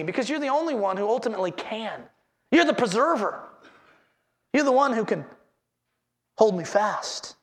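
A man's voice: sits high, a bit bright. A man preaching a sermon as pastor, earnestly repeating his headings and asking the congregation questions.

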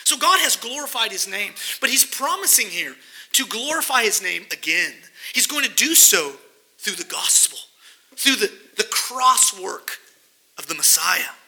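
Man, pastor, sermon, very high voice, sharp bright tone, reads scripture aloud with emphasis. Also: sing-song, a little slow, vocal fry, rough recording.

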